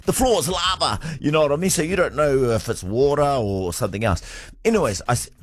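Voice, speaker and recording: A man, a radio co-host in his thirties, telling a funny story in animated, laughing casual chat. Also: mid-range voice, fairly quick, soft background music.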